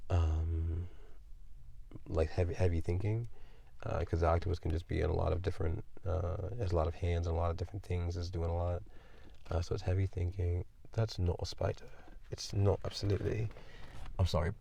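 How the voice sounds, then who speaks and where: A man with a very low, gravelly voice talks his way through a tarot reading. He rambles and thinks aloud, full of ums and likes. His tone is dark and mellow. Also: slight background noise. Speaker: tarot reader.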